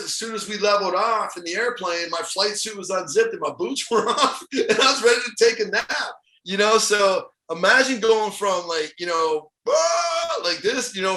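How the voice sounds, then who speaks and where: A middle-aged man from Ohio, a motivational speaker guesting on a podcast, telling stories in an animated, casual way with frequent chuckles. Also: high voice. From Ohio, USA. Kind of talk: casual storytelling interview. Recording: echoey room.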